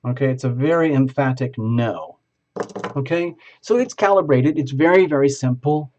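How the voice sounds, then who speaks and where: A man's voice: fairly high pitch, a little mellow, highs cut off. A man as a tarot reader, improvising a live reading and talking a viewer through each step.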